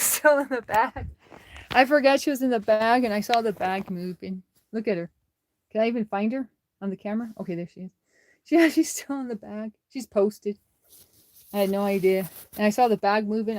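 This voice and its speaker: Chatty American woman, bright voice. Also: a little high, dry recording. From United States. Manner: chatty, laughs often, talks to her cats. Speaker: livestreamer. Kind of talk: casual livestream chat, reading viewer comments aloud. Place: at home.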